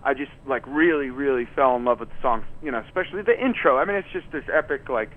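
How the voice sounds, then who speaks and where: A man's voice: mid-range voice, lively intonation, fast. Man talking over a tinny phone line. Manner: rambling, many fillers and restarts. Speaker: touring musician guest. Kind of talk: casual storytelling interview.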